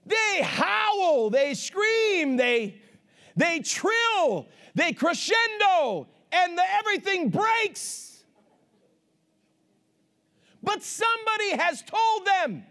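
A man preaching a sermon with fervor, swinging between shouts and hushed asides and calling on the congregation for amens. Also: very high voice, sing-song, extremely slow. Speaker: pastor.

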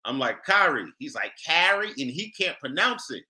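Brash comedian man with a bright voice. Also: medium pitch, big pitch swings, a little fast. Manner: brash, profane storyteller. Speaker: comedian co-host. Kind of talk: casual comedic banter.

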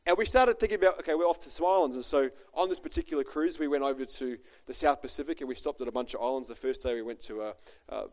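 A man's voice: medium pitch, fast talker, few pauses, darkish tone. A middle-aged man, a pastor preaching a chatty, joking sermon built on a personal story.

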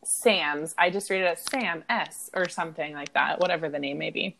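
A woman's voice: low-pitched, normal speed, gravelly, pushed and bright, slight background noise. A woman co-hosting a casual book podcast, chatting and telling stories with a laugh. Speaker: podcast co-host. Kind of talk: casual chat.

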